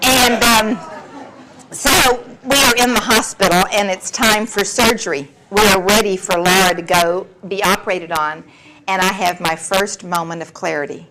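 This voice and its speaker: A woman's voice: mid-range voice, steady tone, moderate pace, pushed and bright. Woman, 60s, wry storyteller at a recovery meeting, noisy recording. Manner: candid, wry, laughs often through the story. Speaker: speaker sharing at a recovery meeting. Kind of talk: personal storytelling talk. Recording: recording with clear background noise.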